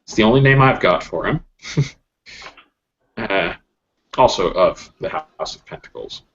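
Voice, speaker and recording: A man with a deep, expressive voice runs a tabletop role-play as game master, narrating unhurriedly with frequent laughter and plenty of fillers. The audio comes through a dull lo-fi mic with a little faint noise.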